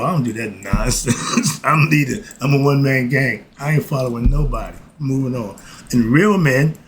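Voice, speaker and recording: A man's voice: mid-range voice, a little hiss or hum. An older man giving life advice in a casual monologue, folksy and emphatic, breaking off with frequent asides.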